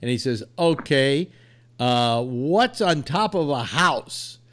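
A man's voice: medium pitch, animated, takes it slowly, a bit bright. A man hosting a casual talk show, telling an old joke in a loose, rambling way with many fillers. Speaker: radio show host.

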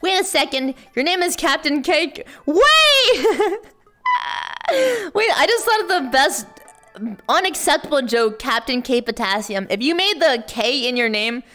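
High, bouncy woman livestreamer. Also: expressive, moderate pace, faint music behind. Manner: hyper, playful, bursts into shouts and laughter. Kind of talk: casual livestream chat greeting viewers.

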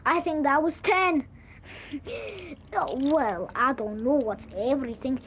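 Brief: high-voiced woman, unhurried and silly, doing playful character voices. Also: lively intonation, fairly bright tone, slight background noise. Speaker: channel host voicing toy characters. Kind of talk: playful make-believe rating chat.

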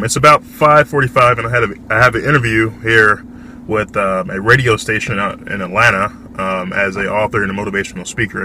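Low voiced guy in his 30s vlogging his day, punchy bright tone, explains stuff simply. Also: slight background noise. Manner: plain explanatory, defines terms as he goes. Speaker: resident surgeon. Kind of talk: casual vlog narration.

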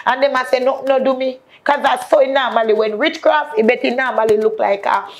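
A woman's voice: sits high, a little fast. A woman with a Jamaican accent sharing an emotional personal testimony in patois and often calling out to the faithful. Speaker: guest.

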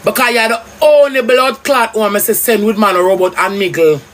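On a livestream, a woman with a Jamaican accent rants angrily, cursing loudly as her voice swoops up and down. Her voice sits in the mid-range and she speaks at a moderate pace.

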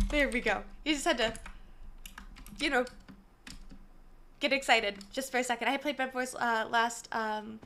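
A young woman streaming live, chatting casually with her viewers in an excitable, bubbly way. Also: a little high, a little hiss or hum. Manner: excitable, bubbly, reading chat aloud.

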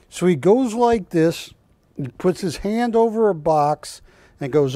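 A man presents art for sale live on a shopping channel from a TV studio, telling meandering stories and correcting himself as he talks. His mellow voice sits high, with big pitch swings at normal speed, and the recording is dry.

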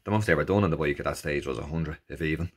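Deep-voiced Irish man telling a story. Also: racing, slight background noise. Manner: animated, jokey, acts out quoted exchanges in raised voices. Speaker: vlogger recounting his first Ironman. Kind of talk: casual storytelling.

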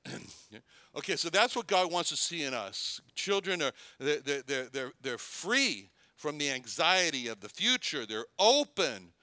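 A man's voice: on the high side, very animated, measured pace, bright, forceful tone, no room sound. An older man preaching a sermon, reading scripture aloud, repeating verse references and stumbling over repeated words.

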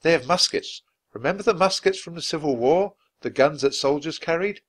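A man's voice: a little high, a little fast, a bit bright, pitched above the performer's own voice. A man voicing a careful, earnest young boy in a storybook reading, with a slightly anxious manner.

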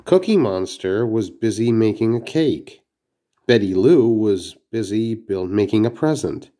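A man's voice: fairly low pitch, expressive, a little slow, mellow. A man reading a children's storybook aloud, carefully, with small slips and restarts. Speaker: narrator.

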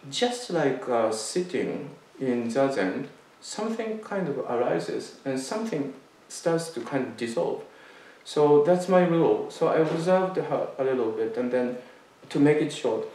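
A man tells a personal story as a Zen talk, stopping and restarting with frequent fillers. His voice sits at an ordinary pitch. He is heard from a little way off, in a room with heavy echo. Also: a little mellow. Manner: halting, many fillers and restarts. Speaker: Zen teacher giving a talk. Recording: echoey room, mic at a distance.

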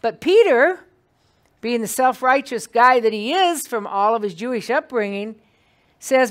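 A woman leads an evening Bible class in a meeting room, her voice sitting fairly high. She teaches in a chatty, animated way, often stopping to put questions to the group in front of her. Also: unhurried.

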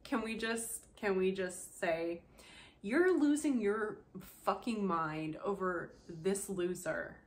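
A woman's voice: medium pitch, slow pace. A young woman giving casual commentary, sarcastic and swearing freely, breaking into laughter often. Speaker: commentary channel host.

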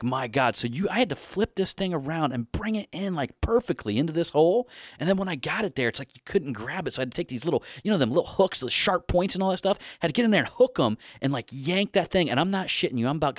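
A man's voice: a little high, dry recording, clean studio sound. A middle-aged man hosting a casual podcast, telling a rambling, profane shop story with frequent laughter. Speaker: podcast host, dent repair shop owner.

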